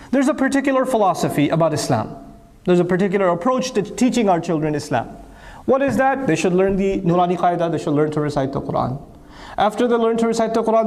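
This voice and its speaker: A man in his thirties giving an animated lecture, posing rhetorical questions and answering them himself with repeated emphasis. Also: high-pitched. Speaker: Islamic speaker.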